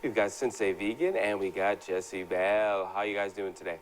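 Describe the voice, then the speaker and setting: A man's voice: on the low side, normal speed, a little hiss or hum. A man hosting a casual fan talk show, upbeat and conversational. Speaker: host. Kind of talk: casual chat.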